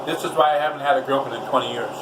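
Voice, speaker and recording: A man's voice: mid-range voice, steady tone, racing, recorded from a distance, background noise. A man telling a rambling, profane story in his home kitchen while cooking. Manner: profane, loud ranting storyteller.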